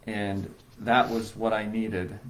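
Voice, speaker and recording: A sincere man co-hosts a conversation about grief and works his points through carefully. His voice sits a little low. Faint noise runs behind him. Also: level tone, slow, rough recording. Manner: thoughtful and sincere. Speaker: podcast co-host.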